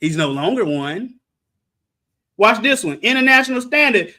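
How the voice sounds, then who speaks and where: A man leading an animated Bible study, preaching with shouted exclamations and joking asides. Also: high voice, moderate pace, long pauses. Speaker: Bible teacher.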